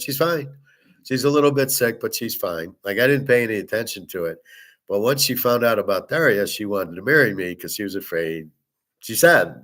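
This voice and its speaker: A man's voice: on the low side, fairly bright tone. A middle-aged man hosting a casual monologue, telling a personal story in a blunt, profane way. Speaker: host.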